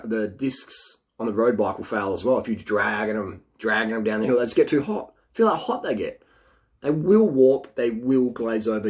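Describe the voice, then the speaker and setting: A middle-aged man giving blunt, boastful cycling advice in casual talk, sometimes mocking others in a silly voice. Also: mid-range voice. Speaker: cycling vlogger.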